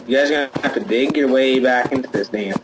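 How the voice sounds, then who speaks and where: A man playing a multiplayer game with friends, yelling, swearing and trash-talking as he plays. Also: mid-range voice, quick pace. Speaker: gamer. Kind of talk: casual multiplayer game chat. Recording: noisy home gaming mic.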